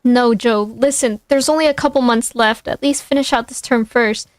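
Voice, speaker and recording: A woman's voice: on the high side, fairly even intonation, moderate pace, no room sound, close to an everyday voice. A woman voicing a firm, pragmatic female adviser who talks someone out of a rash choice. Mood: insistent. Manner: insistent, reassuring.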